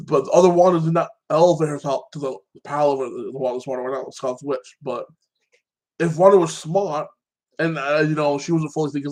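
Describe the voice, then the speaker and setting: A man excitedly recapping a movie in a casual chat, rambling and filling his talk with fillers. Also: a little high. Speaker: podcast host.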